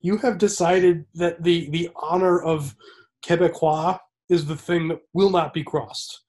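A man's voice: a little high, fairly even intonation, a little slow, darkish tone. A man hosting a casual podcast, explaining things with wry sarcasm. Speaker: podcast host.

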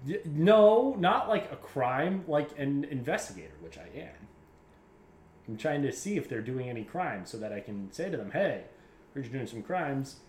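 A man's voice: a little high, sing-song, moderate pace, a little mellow, slight background noise. A man from Maryland co-hosting a film podcast, joking around and riffing on absurd bits in casual chat. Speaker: podcast co-host. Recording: roomy echo.

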